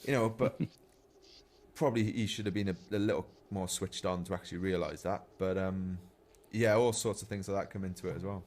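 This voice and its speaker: A man with a fairly low voice chats casually on a podcast, telling stories from professional cycle racing. He speaks in a relaxed, anecdotal way and often chuckles at his own tales. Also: brisk. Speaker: professional cyclist, podcast regular.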